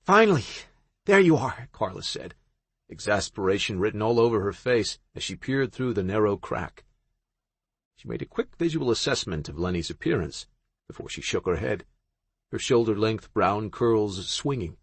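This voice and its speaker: A man narrating a romance novel audiobook in a measured, expressive storytelling manner. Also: lowish voice, husky, no echo.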